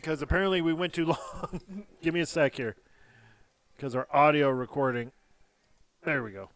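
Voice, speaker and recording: A man's voice: fairly high pitch, moderate pace, long pauses. A man hosting a casual wrestling podcast, telling stories animatedly and laughing often. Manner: animated storyteller, laughs often, slips into impressions. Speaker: podcast host. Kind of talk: casual chat.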